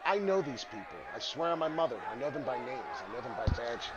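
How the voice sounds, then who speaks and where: A man hosting a casual crypto livestream, talking in an excitable, rambling way with frequent swearing. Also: mid-range voice, fast talker, muffled recording, a loud crowd, very noisy. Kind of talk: casual live chart talk.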